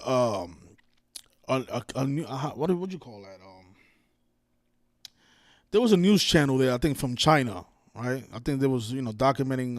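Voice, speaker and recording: A man's voice: medium pitch, no echo, studio quality. A man ranting in casual commentary as a channel host, profane and indignant, talking over his own clips.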